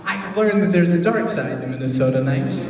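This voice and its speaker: A youth pastor from Detroit giving a casual, joking sermon, chatty and full of filler words. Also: male voice, high-pitched, lively intonation, brisk, dull audio. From Detroit, USA. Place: church hall. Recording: echoey hall, voice from far off, faint noise.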